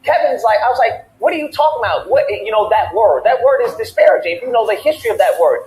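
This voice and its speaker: Animated man telling a heated story. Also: high-pitched, fast talker, reverberant, rough recording. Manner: animated, reenacts both sides of arguments. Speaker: podcast host.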